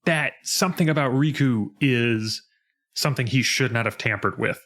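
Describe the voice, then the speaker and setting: Animated male podcast co-host. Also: brisk. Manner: animated, acts out character lines in a lowered voice. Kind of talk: casual chat, recapping a video game.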